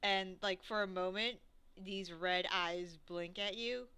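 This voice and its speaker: A woman's voice: medium pitch, steady tone, slow pace, bright, forceful tone, smooth. A woman narrating a tabletop game as game master, describing scenes in a rambling way, with many restarts.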